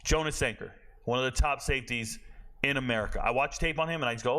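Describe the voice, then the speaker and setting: Male sports host, bright and forceful, slightly high voice, blunt and profane. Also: quick pace. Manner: blunt, profane, animated, talks to himself while checking stats. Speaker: college football podcast host. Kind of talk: casual opinionated commentary.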